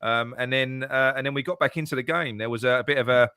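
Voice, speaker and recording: A man's voice: medium pitch, fast talker, bright, forceful tone, clean tone, dry recording, studio quality. A man talking football casually as a podcast co-host, rambling and repeating words as he thinks.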